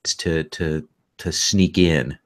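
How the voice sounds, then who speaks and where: A man playing a tabletop role-playing game, describing his character's actions in a measured way. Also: extremely low pitch, fairly even intonation. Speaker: player.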